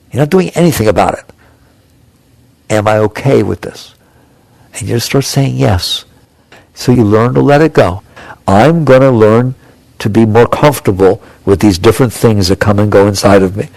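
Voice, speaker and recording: A man's voice: mid-range voice, gravelly, darkish tone, no echo. A man giving a conversational spiritual talk to an audience, acting out inner voices with small chuckles. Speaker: spiritual teacher.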